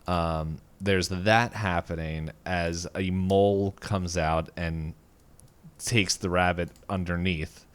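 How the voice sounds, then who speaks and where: A man with a low, smooth, resonant voice talks through an episode in a loose podcast recap. He rambles, leans on fillers and chuckles often as he goes. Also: fairly even intonation, takes it slowly. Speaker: podcast co-host.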